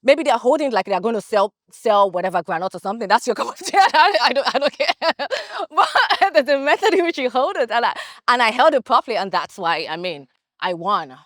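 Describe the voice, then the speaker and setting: A woman's voice: a little high, animated, brisk, fairly bright tone, dry recording, clean studio sound. A woman, a reality show contestant, giving a boastful, defiant confessional and repeating herself often. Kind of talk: confessional interview.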